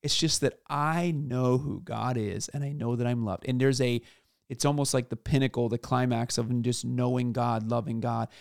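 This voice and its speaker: A man in his thirties muses earnestly in a casual faith conversation, often restarting as he searches for words. His voice is mid-pitched with plenty of gravelly fry. The sound is dry and close. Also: fairly even intonation, moderate pace, dry recording. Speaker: podcast co-host.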